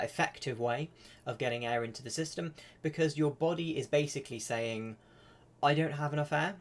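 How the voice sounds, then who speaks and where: Chatty man teaching flute. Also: mid-range voice. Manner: casual, chatty, with many fillers. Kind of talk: live-streamed music lesson.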